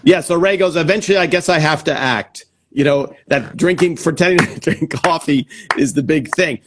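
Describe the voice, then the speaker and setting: A man's voice: on the high side, moderate pace, background noise. A man hosting a casual interview over a video call, chatty and enthusiastic. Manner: enthusiastic, chatty, laughs easily. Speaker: host.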